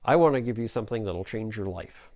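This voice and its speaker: A man's voice: fairly low pitch, lively intonation, quick pace, dull audio, lightly acted. A man voicing a self-important president in a told story, in a voice close to his own.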